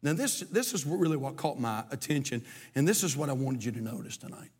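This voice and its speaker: A man's voice: mid-range voice, animated, brisk, darkish tone, husky. A middle-aged man, preaching a sermon as pastor, moving from folksy storytelling to emphatic preaching. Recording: long hall reverb.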